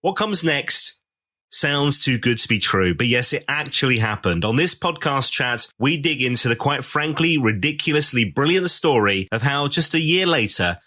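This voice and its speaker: A man hosting a podcast, reading a lively intro and then chatting with enthusiasm. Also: medium pitch, normal speed. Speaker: podcast host. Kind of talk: scripted intro then casual interview chat.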